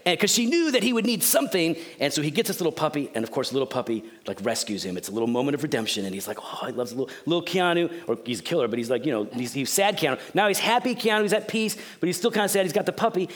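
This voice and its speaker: A pastor giving a sermon in a joking, conversational, storytelling manner. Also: male voice, a little high, lively intonation, racing, hardly any pauses.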